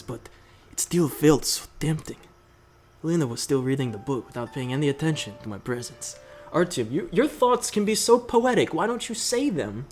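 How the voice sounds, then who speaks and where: A young man reading a visual novel aloud as host, with jokey, laughing asides between lines. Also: fairly high pitch. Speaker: let's play host.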